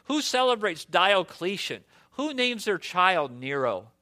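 A young man preaching with a high, bright voice. He builds his points with passion and keeps firing rhetorical questions at the congregation. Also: big pitch swings, a little slow. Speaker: pastor. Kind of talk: sermon.

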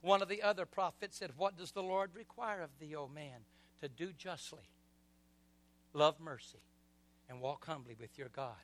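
A middle-aged male pastor preaching with passion, swinging between soft passages and loud surges and calling on the congregation to repeat after him. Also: on the high side, moderate pace. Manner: impassioned preaching with call-and-response. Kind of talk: sermon.

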